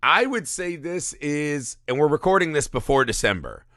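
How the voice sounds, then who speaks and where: Male podcast host, eager and animated, crisp bright tone, dry close sound. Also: fairly high pitch, moderate pace, no room sound. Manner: enthusiastic, animated, swears casually. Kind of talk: casual film podcast chat.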